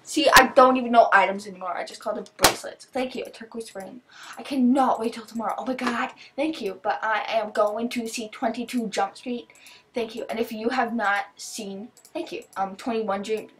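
A teenage girl chatting casually as she opens gifts, excitable, gasping and thanking over and over. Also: on the high side, normal speed. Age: teens. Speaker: vlogger opening gifts. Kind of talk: casual chat.

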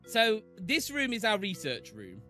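A man's voice: sits high, huge pitch swings, measured pace, bright, forceful tone, soft background music. A man hosting a gaming stream, teasing his partner and patiently explaining the game in casual banter. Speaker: streamer host.

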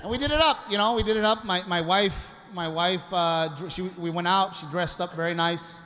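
A man with a high voice tells a crude, animated stand-up story about himself. He is recorded on a club stage through a handheld mic, with clear background noise in the room. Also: fairly quick, in a large hall. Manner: animated storyteller with crude, self-mocking punchlines. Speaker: stand-up comedian. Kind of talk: stand-up routine.

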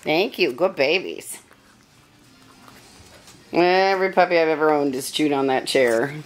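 An older woman who breeds dogs, chatting casually to her puppies in a high sing-song baby voice. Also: unhurried, faint music behind. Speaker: dog breeder talking to puppies. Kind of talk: casual vlog talking to puppies.

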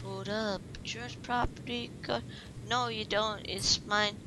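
A woman hosting a let's play, chatting casually over a card game in a playful, teasing way that is quick to complain. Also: medium pitch, steady tone, noisy background. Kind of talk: casual gaming banter.

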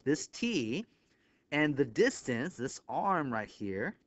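A man lecturing on an engineering topic at a whiteboard, thinking aloud step by step and marking each step with a quick 'bam'. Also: mid-range voice, sing-song, a bit bright, no room sound. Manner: explains step by step with frequent 'right here'. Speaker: engineering instructor. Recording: slightly dull, lo-fi dry recording.

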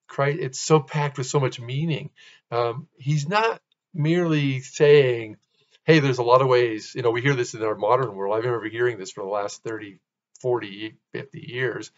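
A man's voice: mid-range voice, lo-fi sound. A man giving an informal, conversational Bible teaching, often restarting and correcting himself.

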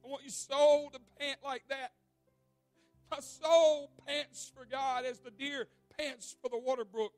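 A male pastor preaching an evening sermon in a church, telling a vivid story with repeated words and swinging from loud to hushed. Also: very high voice, little pitch movement, a little slow, no echo, faint music behind. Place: church sanctuary.

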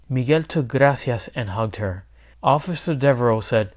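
A man's voice: mid-range voice, expressive, moderate pace. Man reading a children's story aloud. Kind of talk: children's read-aloud narration.

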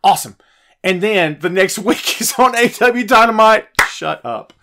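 A man's voice: high voice, normal speed. Fired-up man ranting about wrestling. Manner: animated, fired-up ranting, swings loud and soft. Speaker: podcast host reading live chat. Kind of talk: heated wrestling rant.

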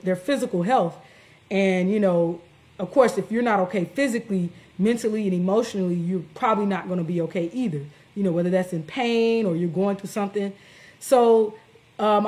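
A woman's voice: mid-range voice, darkish tone. A woman hosting a livestream, talking in a candid, blunt, casual way, with lots of fillers and restarts. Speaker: host.

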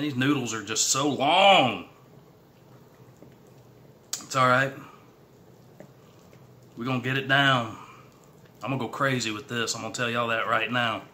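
A man's voice: medium pitch, unhurried, long pauses, sharp tone. A middle-aged man from Texas with a Southern accent, chatting casually to the camera in a folksy way and hyping himself up. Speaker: YouTube creator. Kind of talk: casual eating challenge vlog.

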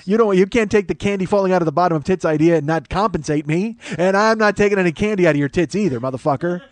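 In his forties, a comedy podcast host delivers a profane, exasperated solo rant that lurches between mock outrage and mumbling. His voice sits high and moves fast, captured in a dry recording.

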